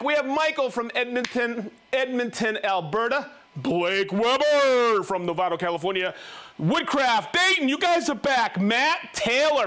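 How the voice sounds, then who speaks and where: A man's voice: high-pitched, bright, forceful tone. A man hosting a live show, reading out viewers' names and hometowns in a jokey, upbeat way. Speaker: livestream host.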